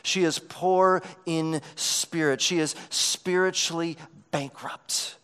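A man preaching a sermon as pastor, swelling to emphatic peaks and dropping to quiet lows. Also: steady tone, takes it slowly, clear, resonant tone. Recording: long hall reverb.

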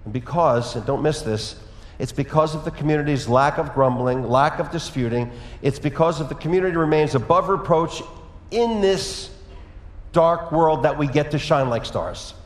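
A man preaching a sermon as pastor, telling a personal story in a conversational way with lively asides. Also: on the high side, normal speed. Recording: echoey hall with long reverb.

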